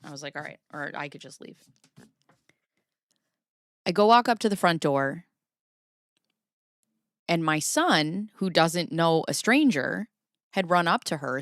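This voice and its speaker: A woman hosting a podcast, telling a personal story in a casual, animated way, swearing freely and acting out what people said. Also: sits low, measured pace, long pauses, dry recording, studio quality. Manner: animated, swears freely, acts out quoted lines. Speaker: podcast host.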